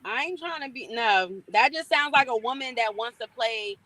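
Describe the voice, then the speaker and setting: A woman's voice: on the high side, normal speed, bright, forceful tone, no room sound, low-quality recording. A woman taking part in a casual panel chat by call. She speaks bluntly and gives strong opinions in slangy speech. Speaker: panel guest.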